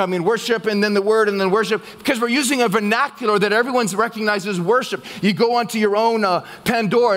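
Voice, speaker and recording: A man pastor preaching a sermon to his church, asking the congregation questions and pausing for their answers. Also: high-pitched, a bit bright.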